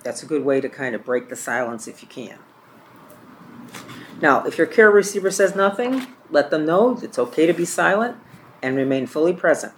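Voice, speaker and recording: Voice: mid-range voice, animated, normal speed, slight background noise. A trainer teaching a caregiving class from a course book, reading examples aloud and often repeating or correcting their own words.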